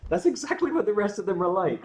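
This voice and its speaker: A man's voice: high-pitched, sing-song, fast talker. A Scottish man chatting casually as a guest on a livestream, telling rambling stories with lots of fillers and restarts. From Scotland. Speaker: guest musician.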